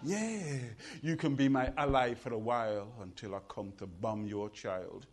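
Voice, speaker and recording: This middle-aged British performance poet has a medium-pitched voice and a measured pace. Reciting to a live audience, he chants his lines rhythmically and jokes playfully with the crowd.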